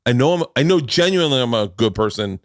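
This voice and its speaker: A man's voice: medium pitch, animated, quick pace, dry recording, clean studio sound. Rambling, swearing man telling stories. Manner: rambling storytelling, acts out quotes, swears freely. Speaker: podcast host. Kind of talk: casual chat.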